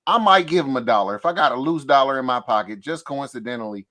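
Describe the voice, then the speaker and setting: A man's voice: mid-range voice, animated, fast talker, bright, forceful tone. A man co-hosting a casual podcast, talking in a laid-back way and repeating words as he starts. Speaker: podcast co-host. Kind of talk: casual chat.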